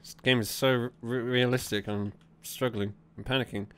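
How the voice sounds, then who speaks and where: A man's voice: medium pitch, fairly even intonation, normal speed, a bit bright, a little hiss or hum. A man giving jumpy horror gameplay commentary, reading the game's text aloud and reacting with laughs and swearing. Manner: reads on-screen game text aloud. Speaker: gaming YouTuber. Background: game music.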